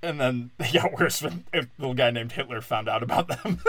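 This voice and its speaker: There's no room sound on this podcast host's mid-range, somewhat bright voice. His comedic monologue is irreverent and meandering, leaning heavily on "like" while he laughs a lot.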